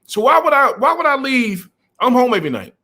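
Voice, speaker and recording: Blunt middle-aged trucker ranting live. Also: male voice, very high voice, very animated, fairly quick, sharp tone. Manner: blunt, repetitive, greets viewers mid-rant. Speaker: live stream host, truck driver. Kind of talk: live-stream rant.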